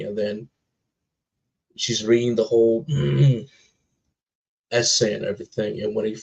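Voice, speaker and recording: Husky-voiced male co-host, earnest and heartfelt, casual movie chat, muffled low-fidelity sound. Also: mellow. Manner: earnest, emotional, drawn-out phrasing. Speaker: co-host of a movie reaction channel. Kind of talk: casual chat about films. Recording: dull lo-fi recording.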